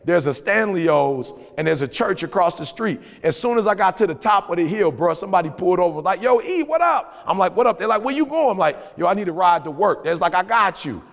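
Male podcast co-host, high gravelly voice, animated slangy motivational storyteller, long reverb. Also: fast talker, hardly any pauses. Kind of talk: motivational casual talk.

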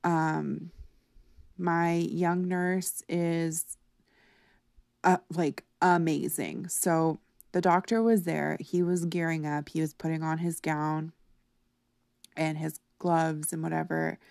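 A woman's voice: low-pitched, flat delivery, slow pace, vocal fry, a little mellow, no room sound, studio quality. A young woman hosting a podcast, telling a personal story in a candid, chatty way with many fillers. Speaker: podcast host.

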